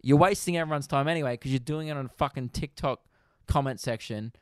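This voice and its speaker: A man with an Australian accent, a comedian hosting his podcast, ranting casually with animated, profane energy. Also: mid-range voice, quick pace, no room sound, clean studio sound.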